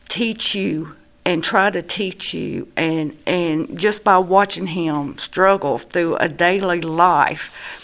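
Woman, slow gravelly testimony, earnest and halting. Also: lowish voice, fairly bright tone. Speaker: mother giving testimony. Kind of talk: personal church testimony.

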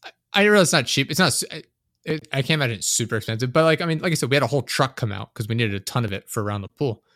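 Young dude rambling thru stories, lots of swearing, laughs a lot, dry close sound. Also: male voice, medium pitch, animated, racing, fairly bright tone, no echo. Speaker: podcast host. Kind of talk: casual chat.

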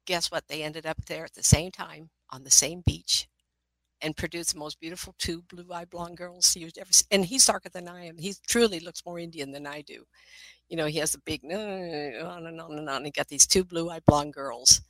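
A middle-aged woman, a psychic, telling personal stories in an animated way, with frequent laughter and asides. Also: low-pitched, moderate pace, no echo, poor audio. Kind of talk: storytelling talk.

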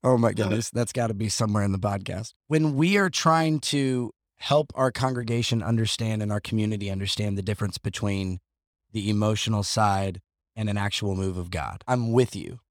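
A man hosting a casual podcast discussion, talking in an animated, joking way with sarcastic asides. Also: lowish voice, normal speed, no echo, studio quality. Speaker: podcast host.

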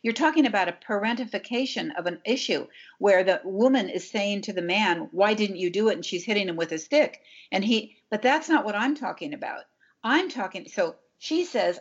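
A woman's voice: medium pitch, lively intonation, moderate pace, highs cut off. A woman giving relationship advice in casual conversation, emphatic and acting out what couples say to each other. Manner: emphatic, acts out couples' dialogue.

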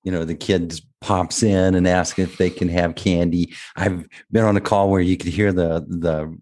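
A man with a notably deep voice hosts a casual podcast conversation. He speaks in halting bursts, restarting sentences and doubling words as he feels his way forward. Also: level tone, darkish tone. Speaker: podcast host and business owner.

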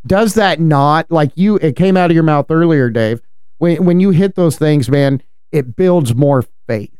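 An earnest man with a high, smooth voice talks through matters of faith in a casual, animated way, breaking into laughter now and then. The sound is dry and close, with no room around it. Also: a little slow, no echo. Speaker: podcast co-host.

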